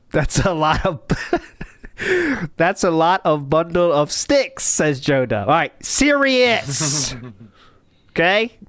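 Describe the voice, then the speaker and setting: Lively joking man on a dry mic. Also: on the high side, very slow, pauses often, no room sound. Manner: joking, mocking, laughs often. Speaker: stream co-host. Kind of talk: casual stream reaction chat.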